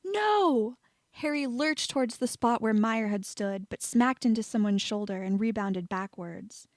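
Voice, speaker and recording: A woman's voice: mid-range voice, moderate pace, dry recording. Woman narrating a story, dry close sound. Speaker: audiobook reader. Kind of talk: fan fiction narration.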